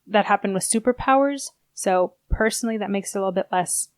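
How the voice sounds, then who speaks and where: A woman's voice: medium pitch, no echo. Woman co-host, casual book chat, rambling delivery, dry close recording. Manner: chatty, rambling, quick bursts. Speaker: podcast co-host.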